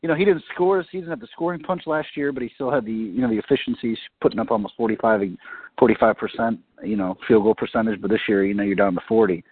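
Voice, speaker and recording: A man's voice: on the low side, fast talker, husky, dry recording. A man co-hosting a radio show, talking sports hesitantly and filling gaps with "you know". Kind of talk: casual sports talk. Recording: dry, phone-like lo-fi sound.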